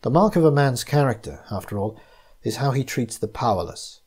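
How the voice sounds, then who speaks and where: A man reading his own detective story in first person, in a measured, even narration. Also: medium pitch, slightly rough. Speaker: narrator and author.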